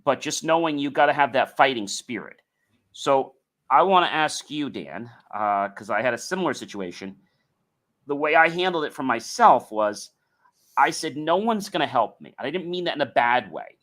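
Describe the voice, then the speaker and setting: A man's voice: mid-range voice, animated, normal speed, fairly bright tone. A man hosting a podcast interview, asking questions and rambling as he searches for words. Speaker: podcast host.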